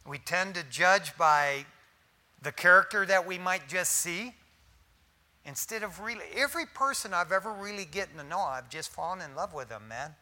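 A male pastor preaches a sermon in a folksy, animated style packed with slangy asides. His voice is high for a man and very bright, moving at a moderate pace as he swings between loud bursts of emphasis and hushed, almost whispered lines.

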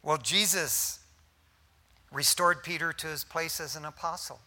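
A pastor's sermon comes across folksy and animated, with slangy asides and swings from loud emphasis to near-whispers. He speaks a little slowly in a fairly high voice.

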